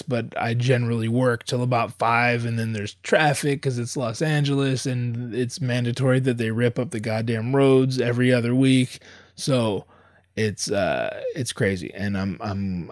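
A young man spins a casual story in an animated, profane way, tripping over his words and restarting often. His voice sits in an ordinary middle register. It is recorded close and dry, with no room sound. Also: medium pitch, no room sound.

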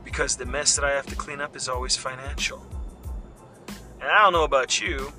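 A man's voice: medium pitch, a little fast, sharp tone, faint music behind. A middle-aged man hosting a podcast, delivering a heated, profanity-laden rant. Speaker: podcast host. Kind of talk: ranting monologue.

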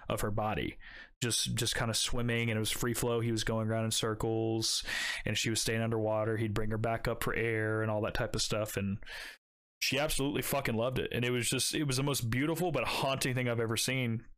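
A man's voice: on the low side, little pitch movement, a little fast, a bit bright. A young man telling a long, rambling story in casual chat, swearing often and filling gaps with "like" and "um.". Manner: rambling, profane, heavy filler words.

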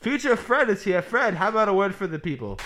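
A man's voice: high voice, sing-song, noisy background, pitched above the performer's own voice. A man voicing a cheesy 1940s male radio announcer who stretches his words out in a showman style. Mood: excited. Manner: drawn-out enunciation, showman delivery.

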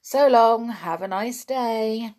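A woman reading aloud, voicing a cheeky, excitable farm boy in a bouncy, high-spirited way. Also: slow pace.

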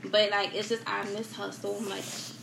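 A young woman as a guest, telling a personal loss in a soft, halting way with many fillers and repetitions, in a roomy, noisy recording. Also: medium pitch, creaky. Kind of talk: emotional personal story in a podcast chat. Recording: roomy echo with steady background noise.

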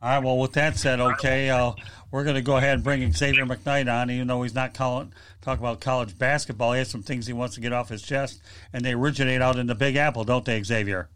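A man's voice: medium pitch, fairly even intonation, fast, fairly bright tone, smooth. A man hosting a sports talk show, chatting loosely and joking with his guests and callers. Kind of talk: casual sports talk radio.

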